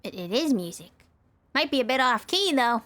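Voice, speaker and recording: A young woman streamer chatting through a game, playful and rambling with frequent giggles. Her voice sits slightly high. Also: sing-song, moderate pace, a bit bright. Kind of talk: casual gaming commentary.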